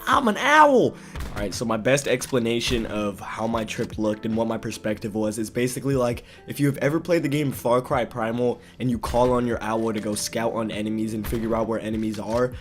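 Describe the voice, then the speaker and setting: Young guy vlogger, casual animated storyteller, mid pitch, heavy slang. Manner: animated, slangy, swears a lot.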